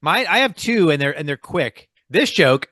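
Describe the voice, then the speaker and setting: A man's voice: a little high, very animated, normal speed, pushed and bright, no echo, studio quality. A man co-hosting a podcast in casual chat, with a playful, bantering manner. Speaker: podcast co-host.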